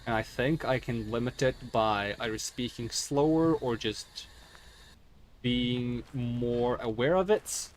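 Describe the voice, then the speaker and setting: Male streamer, casual chat, halting self-correcting delivery, headset mic. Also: medium pitch, slight background noise. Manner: stuttering, self-correcting, rambling. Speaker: game streamer. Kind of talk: casual gaming stream talk.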